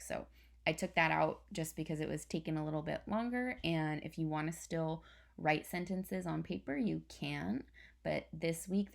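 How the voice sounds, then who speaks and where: Low gravelly-voiced woman teacher. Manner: patient, explaining step by step. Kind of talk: recorded online spelling lesson.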